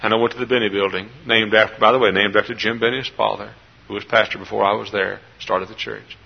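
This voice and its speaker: A middle-aged pastor with a husky, somewhat low voice delivers a heartfelt sermon in a church. He rises to loud, emotional peaks and then falls back to quiet, confiding storytelling. The recording is a dull, lo-fi sermon tape. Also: fairly even intonation, fast. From Texas. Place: church sanctuary.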